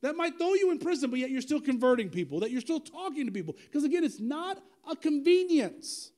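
A male pastor preaching a sermon in an animated, conversational way, using slang and asking the congregation direct questions. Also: very high-pitched, a little fast.

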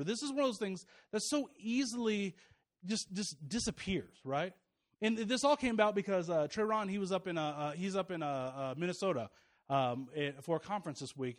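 A high-voiced man in his thirties preaching a relaxed, conversational sermon. He jokes with the congregation and stumbles through restarts and fillers. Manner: chatty, joking, with many restarts and fillers. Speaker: pastor.

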